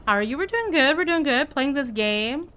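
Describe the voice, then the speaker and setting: A woman streaming a game live, chatting excitably with her viewers as she plays. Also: sits high, moderate pace. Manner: excitable, chatty, talks to chat. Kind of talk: live gameplay commentary.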